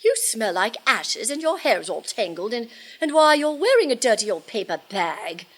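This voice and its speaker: Woman reading as a haughty storybook prince, snobbish, drawn-out, lively pitch. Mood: disdainful. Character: stuffy snobbish young male prince.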